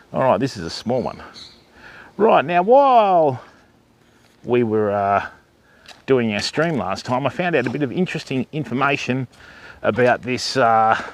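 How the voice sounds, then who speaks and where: Australian male livestream host, slightly high and very animated voice, chats casually with viewers and coos at the animals outdoors. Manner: chatty, greets viewers and coos at animals in a raised voice. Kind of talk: live-stream walkthrough chatting with viewers. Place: outdoor wildlife park enclosure.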